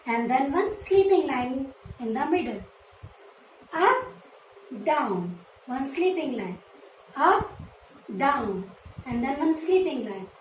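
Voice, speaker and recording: A woman with an Indian English accent teaching nursery children, repeating letters and words slowly and clearly so they can copy her. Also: sits high, animated, mellow, recorded from a distance. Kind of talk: slow, patient classroom teaching to small children. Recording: roomy echo, voice from away from the mic, faint background noise.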